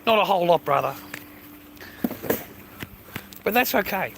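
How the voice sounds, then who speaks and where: Out on a walk, this Australian man talks to his phone in a casual, meandering monologue, cursing freely and addressing viewers as mate and bro. His high voice is gravelly, fairly bright and animated, yet unhurried. The low-quality recording has a little hiss or hum.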